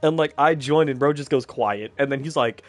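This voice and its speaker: A man's voice: medium pitch, a little fast, faint music behind. A young man telling a story in casual chat, swearing a lot and laughing often between lines.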